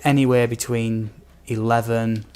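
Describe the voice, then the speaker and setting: Reading out viewer comments with many ums and asides, a young British gaming streamer rambles through casual live-stream chat. His medium-pitched voice is level, smooth, darkish and unhurried.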